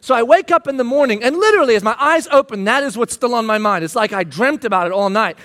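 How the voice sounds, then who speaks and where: A man in his thirties, a pastor telling a self-mocking personal story in a sermon, animated and bursting into shouts when he re-enacts himself. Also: very high voice, fast talker.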